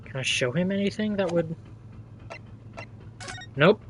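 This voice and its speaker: A man's voice: sits high, animated, a little slow, a little hiss or hum, low-quality recording. A man streaming a game, making chatty, joking asides. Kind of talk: game livestream commentary.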